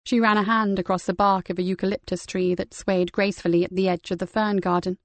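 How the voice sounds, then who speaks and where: A woman narrating a crime novel audiobook in a calm, even storytelling manner. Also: mid-range voice, fast, dry recording.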